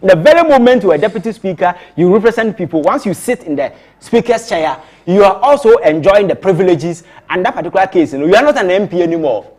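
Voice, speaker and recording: A Ghanaian man speaks as a political analyst on a talk show, and his voice sits a little high. He argues emphatically and keeps repeating words as he pushes ahead. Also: lively intonation, fast talker, few pauses, darkish tone. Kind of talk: studio talk show commentary.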